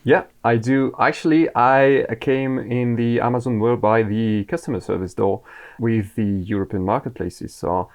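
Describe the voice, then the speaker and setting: A man from France with a French accent, a podcast guest answering in a relaxed, plain-spoken way. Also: mid-range voice, normal speed. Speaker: podcast guest, PPC campaign manager. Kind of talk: casual podcast chat.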